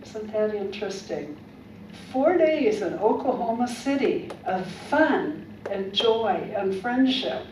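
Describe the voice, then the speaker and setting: A woman's voice: mid-range voice, animated, slow pace, darkish tone. A woman minister giving an upbeat, conversational sermon and leading the congregation in affirmations, recorded from far off in a church sanctuary. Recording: roomy church sound from far off, noisy.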